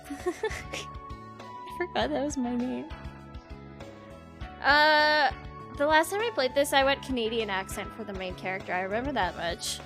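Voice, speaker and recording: A woman's voice: high voice, unhurried, long pauses, over music. A woman streamer giving casual, playful asides while reading a game aloud. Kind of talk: casual gaming commentary.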